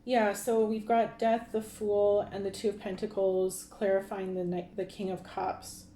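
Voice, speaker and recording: A woman's voice: mid-range voice, flat delivery, measured pace, dark tone, echoey room, a little hiss or hum. A woman giving a casual tarot card reading, talking in a rambling way with many fillers and restarts. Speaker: tarot reader.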